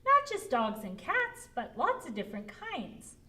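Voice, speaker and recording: A woman librarian hosting a preschool storytime, talking gently in a sing-song way to small children. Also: high-pitched, huge pitch swings, a little slow.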